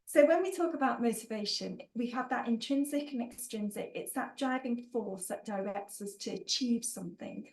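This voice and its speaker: A woman trainer running an online workshop, with a fairly high voice and an upbeat, joking manner. She talks to participants in a friendly, encouraging way, reading out their answers and building on them. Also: normal speed, few pauses, a little mellow, poor audio. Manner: upbeat, jokey, reads out participants' chat answers.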